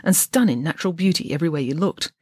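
A woman's voice: low voice, quick pace, darkish tone, husky, dry recording, clean studio sound. A woman reading a novel aloud, narrating expressively. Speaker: storybook reader.

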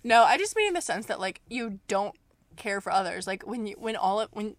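A woman's voice: medium pitch, sing-song, a little fast. A young woman co-hosting a casual podcast chat, laughing easily and humming while she thinks. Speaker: podcast co-host.

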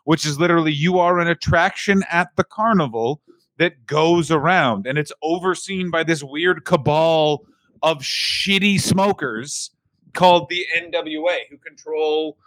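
A comedian chatting loosely, his voice sitting a bit high for a man. He rambles with jokes, and the recording is dry and close. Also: a little slow, fairly bright tone, no room sound. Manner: rambling, jokey, slips into silly character voices. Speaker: podcast co-host, comedian. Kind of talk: comedic casual chat.

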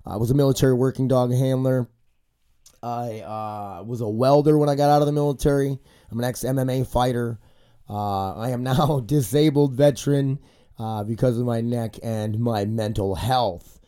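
A man's voice: mid-range voice, steady tone, moderate pace, dark tone, clear, resonant tone. A man in his forties hosting a casual podcast, rambling and cursing, his voice stuffy and congested from a cold. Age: 40s. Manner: profane, rambling, ranting. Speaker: podcast host.

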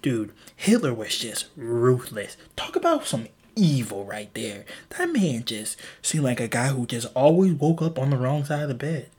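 A man hosting a solo podcast, talking off the cuff in a rambling, profane way. His voice is husky and swings widely in pitch. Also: big pitch swings, normal speed, hardly any pauses, darkish tone. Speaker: podcast host. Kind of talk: casual solo podcast rant.

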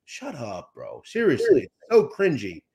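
A man's voice: medium pitch, wildly swooping pitch, a little slow, vocal fry, darkish tone. A man guesting on a sports talk show, ranting in a profane, exasperated way. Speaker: guest analyst.

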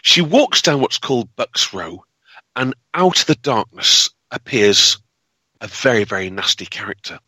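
A man's voice: medium pitch, very animated, a little slow, pushed and bright, husky, no echo, poor audio. A man telling a grim piece of local history in a dramatic, unscripted way, with many fillers and restarts. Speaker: historical storyteller. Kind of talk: spoken history storytelling.

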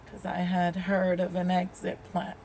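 A woman's voice: lowish voice, completely flat delivery, normal speed, gravelly, a little mellow, slight background noise. A woman guest telling her personal story in a podcast interview, earnest and openly emotional. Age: adult with a child. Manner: earnest, open, speaks with heartfelt emotion.

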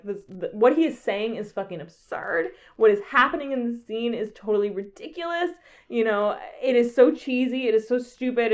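A woman's voice: fairly high pitch, lo-fi sound. A woman co-hosting a podcast, making an enthusiastic, profane case for a film in casual chat. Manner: enthusiastic, profane, builds arguments. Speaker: podcast co-host.

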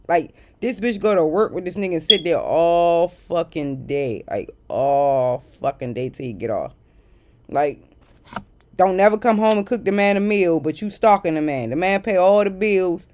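A woman telling a casual storytime rant to her viewers, blunt and profane and exasperated, swinging between loud outbursts and muttered asides. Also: mid-range voice, moderate pace. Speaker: vlogger.

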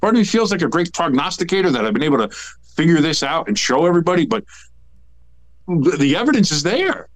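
A man co-hosting a sports podcast, talking in an animated, rambling, jokey way. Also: a little high, quick pace. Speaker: podcast co-host. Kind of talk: casual sports chat.

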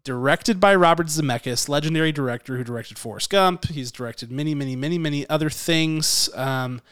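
A man co-hosting a casual podcast, his voice a touch high with a smooth, clear tone. He jokes and rants in a lively way, recorded close and dry with no room sound. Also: brisk, no room sound. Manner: animated, joking, rant-prone. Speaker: podcast co-host.

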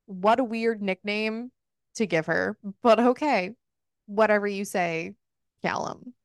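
A woman co-hosting a book club podcast, retelling a romance novel in a casual, profane, animated way. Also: medium pitch, slow, no room sound, studio quality. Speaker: podcast co-host. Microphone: close podcast mic.

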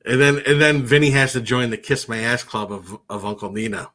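A man's voice: medium pitch, brisk, a bit bright. A man co-hosting a sports radio show in casual chat, with dry, laconic replies. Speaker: podcast co-host.

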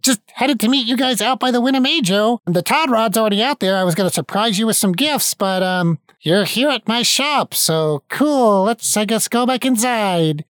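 A man voicing a flustered, high-strung female artificer shopkeeper who swears a lot in a tabletop game. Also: animated, a bit bright, smooth, dry recording. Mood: cheerful. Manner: rapid, exasperated, swearing.

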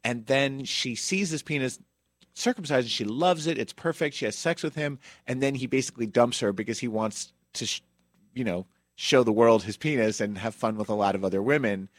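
Brief: chatty male podcast host, mid pitch, dry close mic. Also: brisk, no room sound. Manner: chatty, with asides and fillers. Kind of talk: casual podcast storytelling.

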